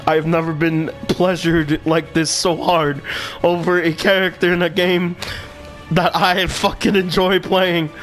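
A man giving casual game commentary in an excitable way, swearing, shouting and repeating himself. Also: on the high side, measured pace. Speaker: gameplay commentator. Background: loud game music.

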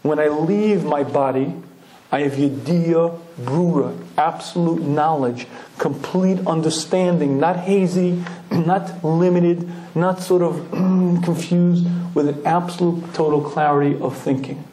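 A male Torah lecturer telling a lively story, clearing his throat often. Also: fairly high pitch, slow. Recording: roomy echoing hall.

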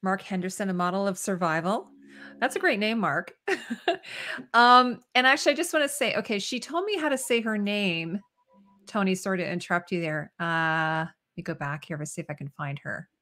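Bright-voiced woman hosting a livestream. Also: mid-range voice, lively intonation, normal speed. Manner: chatty, many fillers, reads viewer comments aloud. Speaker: host. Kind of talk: casual livestream chat.

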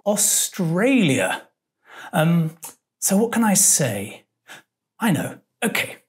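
A woman presents an English lesson at a slow, unhurried pace. Her voice sits slightly low but swings widely in pitch. She talks playfully, full of fillers and puzzled little asides. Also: very animated. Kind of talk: scripted educational presentation.

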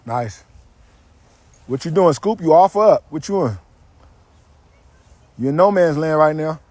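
Husky man barking football drills. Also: on the high side, a little slow, no echo. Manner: loud, teasing, energetic barked commands. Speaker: football coach. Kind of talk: coaching drills with trash talk.

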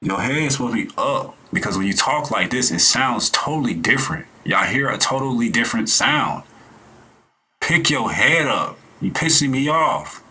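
A man hosting a reaction video, talking in blunt slang and lecturing his viewers in a casual, animated way. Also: medium pitch, a little fast, hardly any pauses, a little hiss or hum.

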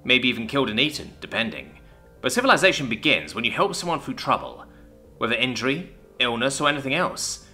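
A man voicing a thoughtful human man who explains his view in a measured, calm way. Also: mid-range voice, soft background music, pitched above the performer's own voice, heavily acted.

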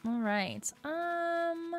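A woman's voice: very high-pitched, lively intonation, drawn-out words. A young woman giving casual gameplay commentary, bubbly and gushing, with lots of filler words. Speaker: gaming YouTuber. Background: soft game music.

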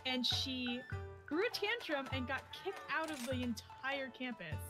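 A young woman in her twenties telling a long, animated story in casual chat during a co-op game stream, laughing often. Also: high voice, a little slow. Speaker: co-op gaming stream guest. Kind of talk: casual storytelling while gaming. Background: game music.

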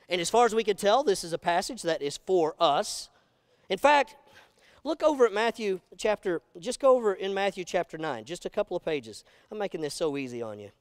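A male pastor preaching a sermon to his congregation, animated and emphatic, often asking the room questions. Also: high voice, no echo. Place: church sanctuary.

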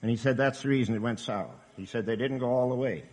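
A man's voice: mid-range voice, fast, a little mellow. Man, preacher, sermon, emphatic exhortation, long hall reverb. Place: church camp meeting hall.

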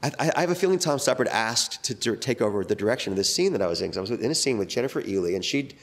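A man's voice: mid-range voice, expressive, racing. A middle-aged man, a guest actor, talking casually in an interview, rambling with many fillers and restarts.

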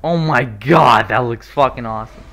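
A man hosting a casual video reaction, excitable and swearing freely, breaking into loud exclamations. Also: mid-range voice, normal speed. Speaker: YouTube reaction host.

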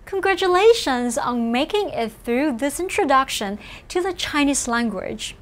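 A woman with a high voice narrates a scripted language lesson. She speaks slowly and carefully, explaining each point in an encouraging way. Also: lively intonation. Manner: slow, careful, encouraging explanation with model phrases. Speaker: language teacher.

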